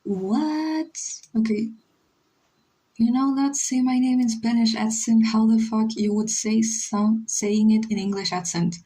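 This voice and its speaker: Young woman streamer, husky tone, unhurried teasing banter while she draws. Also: on the high side, level tone, dark tone, low-quality recording. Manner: rambling, teasing, switching into Spanish. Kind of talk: casual livestream chat while drawing.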